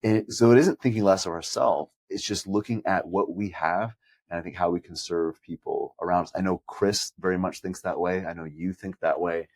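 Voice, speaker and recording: Deep-voiced earnest man in dry recording. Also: fairly even intonation, moderate pace, a little mellow, no echo. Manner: earnest, reflective storytelling. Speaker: podcast co-host and pastor. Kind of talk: conversational podcast chat.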